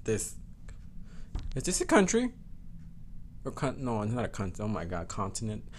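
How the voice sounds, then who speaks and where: A man's voice: fairly low pitch, wildly swooping pitch, normal speed, slight background noise. A man hosting a solo podcast, chatting casually, swearing often and correcting himself as he goes. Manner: profane, code-switches into Spanish, self-correcting. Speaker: podcast host.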